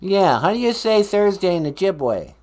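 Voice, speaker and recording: A woman's voice: medium pitch, sing-song, normal speed, dark tone, lightly acted. A woman putting on a brash male explorer calling in to a podcast, with a Boston accent and a breezy, cocky manner. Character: brash male explorer caller, Christopher Columbus. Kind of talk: comedy call-in bit.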